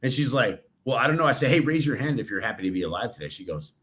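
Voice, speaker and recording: A man's voice: mid-range voice, very animated, very fast, a bit bright. A man co-hosting a podcast, chatting casually, laughing often and swearing freely. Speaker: podcast co-host. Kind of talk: casual chat.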